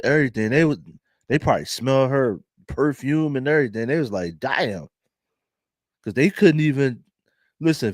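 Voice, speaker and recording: A young man with a Philadelphia accent doing casual, laughing commentary to his viewers in drawn-out slang. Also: medium pitch, no echo, clean studio sound. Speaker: commentary vlogger.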